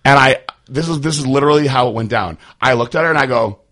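A man hosting a casual chat, telling a crude, rambling story that turns animated as it goes. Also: medium pitch, quick pace. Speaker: podcast host.

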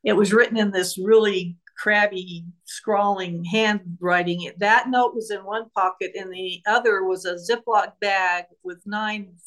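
A woman's voice: medium pitch, fairly even intonation, measured pace, few pauses, fairly bright tone. A woman author, a guest on an interview show, retelling a true crime case and acting out the voices of the people involved.

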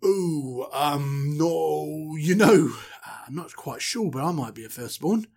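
A man's voice: a little high, creaky, darkish tone, heavily acted. A man voicing a nervous male prophet who hesitates and talks like a regular dude. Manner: hesitant, halting, dude-speak.

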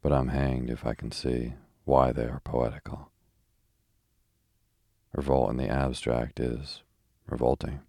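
A man reading a sharp-tongued young poet in a storybook, irritable and wry. The voice sits extremely low and flat, with a gravelly edge in a dry, close room. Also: unhurried, long pauses, no room sound, heavily acted. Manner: irritable, grim, then gently ironic.

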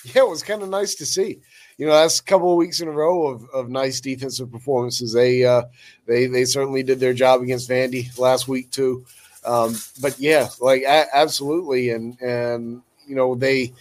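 A man breaks down a college football game on a podcast, pausing and filling gaps with "uh" and "you know" while he builds each point. His voice sits at an ordinary mid pitch. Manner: halting, filler-heavy. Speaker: podcast co-host. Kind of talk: casual sports analysis.

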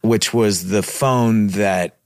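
A man co-hosting a podcast in casual chat, telling wandering, animated stories. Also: on the low side, takes it slowly, no room sound, clean studio sound. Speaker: podcast co-host.

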